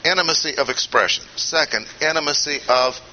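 Male Bible teacher, measured and emphatic, very bright tone, muffled old tape feel. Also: fairly high pitch. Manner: deliberate, emphatic, pausing often. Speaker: preacher. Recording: dull lo-fi recording with faint hiss.

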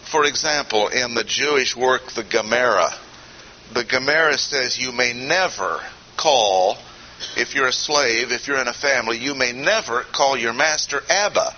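Male Bible teacher, measured and emphatic, very bright tone, muffled old tape feel. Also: mid-range voice. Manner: deliberate, emphatic, pausing often. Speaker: preacher. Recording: dull lo-fi recording with faint hiss.

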